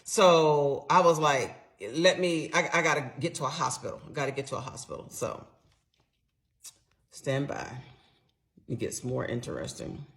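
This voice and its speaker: A woman's voice: sits low, expressive, normal speed. A middle-aged woman telling her own story with feeling, acting out both sides of an argument. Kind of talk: emotional personal storytelling.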